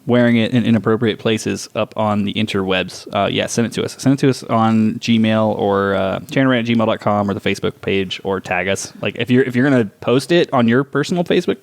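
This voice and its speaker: A man co-hosting a podcast in casual, profane banter, quick to laugh. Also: on the low side, creaky. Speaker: podcast co-host. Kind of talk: casual chat.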